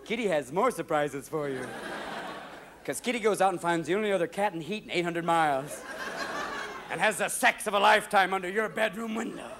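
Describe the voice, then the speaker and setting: A man's voice: high-pitched, animated, brisk, noisy background. A man doing stand-up comedy on stage, jumping manically between stories and voices, on a live show recording. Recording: live show with loud audience laughter. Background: audience laughter.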